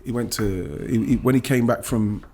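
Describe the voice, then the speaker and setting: A middle-aged man from England, a former footballer, telling an emotional personal story in a podcast interview, animated, swearing and stumbling over restarts when moved. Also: medium pitch, moderate pace.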